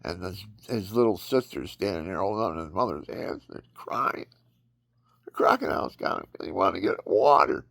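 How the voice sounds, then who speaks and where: A man with a very low, gravelly voice rambles through a religious monologue, drifting from story to sermon. His tone is husky and roughened, and he suddenly breaks into high, acted-out cries. The sound is close and dry, with no room around it. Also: animated, moderate pace, fairly bright tone, dry recording.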